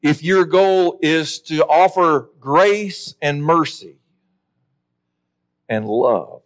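Here a man with a fairly high-pitched voice gives a sermon, speaking earnestly and with emphasis and slowing down to stress the words that matter.

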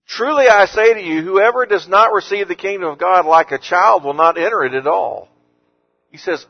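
A man's voice: sits high, moderate pace, dull audio. A man preaching a sermon, earnest and rising to emphatic force on the scripture he quotes. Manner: earnest, rising to emphatic when quoting Jesus. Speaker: pastor.

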